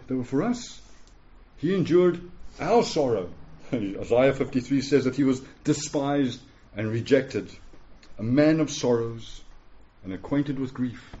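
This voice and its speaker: A man preaching with an earnest, pleading urgency, often pausing to check in with his listeners. His voice is mellow and dark at a middling pitch. The recording sounds dull and lo-fi. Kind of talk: sermon.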